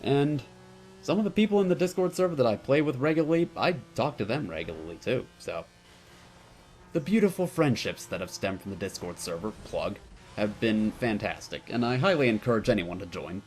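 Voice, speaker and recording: A man's voice: mid-range voice, lively intonation, a little fast, darkish tone, soft background music. A young man answering viewer questions at home in a casual, playful, wry way. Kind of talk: casual Q&A monologue.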